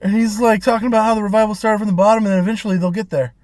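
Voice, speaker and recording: High-voiced laid-back sarcastic man. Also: fairly even intonation, racing, crowd noise. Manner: laid-back, lots of filler words, sarcastic bursts. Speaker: podcast co-host. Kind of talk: casual chat.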